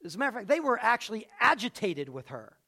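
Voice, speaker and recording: A man preaching a sermon, telling a story and swinging between hushed delivery and loud, raised passages. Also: sits high, very animated, fast talker.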